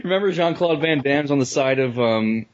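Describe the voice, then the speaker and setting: A man's voice: medium pitch, moderate pace, lo-fi sound, crowd noise. A man casually commenting on a movie while it plays, laughing often and swearing as he reacts. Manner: laughs often, profane, excitable.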